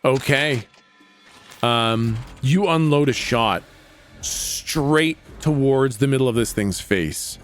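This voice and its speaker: A man running a tabletop game as game master over a voice call, narrating casually with many pauses and fillers and laughing often. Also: medium pitch. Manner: relaxed narration with many ums, laughs easily.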